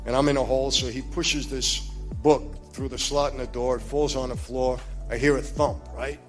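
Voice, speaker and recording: Speaking with a New York accent, a man shares a personal testimony, addressing his listeners emphatically and in confidence. His tone stays steady at a normal speed as he sinks into hushed, low passages and climbs into urgent ones, with soft music playing underneath.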